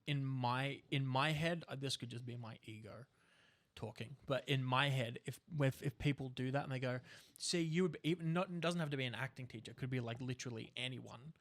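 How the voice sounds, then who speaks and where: Young Australian man, gravelly, candid. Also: medium pitch, a little fast, a bit bright. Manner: candid, swears freely, storytelling. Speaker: podcast co-host, actor. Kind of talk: casual conversation.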